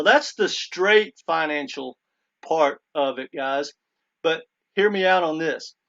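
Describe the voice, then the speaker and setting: A man's voice: on the high side, fairly bright tone, lo-fi sound. A man talking casually to his viewers, retelling a story in earnest and quoting a speaker with many "he goes" asides. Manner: earnest, keeps addressing viewers as "guys". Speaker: crypto commentator. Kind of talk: casual monologue.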